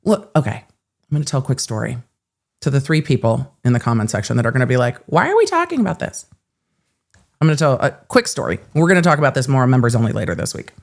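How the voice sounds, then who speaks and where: A woman host telling a personal story in casual livestream chat, animated and self-mocking, with some swearing. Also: a bass voice, quick pace.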